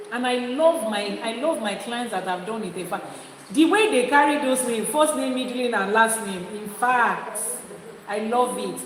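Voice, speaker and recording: A woman with a Nigerian accent and a slightly high voice teaches an audience as an Ifá priestess, speaking emphatically and repeating her points to make them stick. She's in an indoor room with people present, and the recording has an echoey, hall-like quality with faint ambience and a little hiss or hum.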